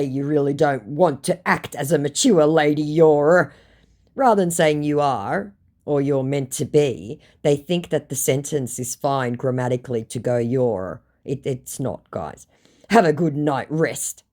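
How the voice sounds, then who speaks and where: Dark-voiced sarcastic Australian woman. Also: very deep voice, expressive, moderate pace. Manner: sarcastic, reads both sides of chats aloud. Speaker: scambaiter reading out chats. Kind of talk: casual narration reading chat messages.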